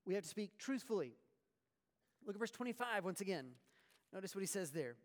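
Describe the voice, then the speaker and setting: A man preaching a sermon, animated and full of rhetorical questions and sarcastic asides. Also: sits high, brisk, in a large hall. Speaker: pastor.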